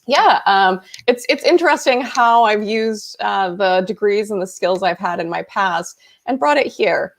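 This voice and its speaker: A woman from upstate New York speaks as a podcast guest. She is chatty and enthusiastic and laughs easily, with a voice of middle pitch. She is heard over a video call. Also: expressive, unhurried, few pauses. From upstate New York, USA. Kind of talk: casual chat.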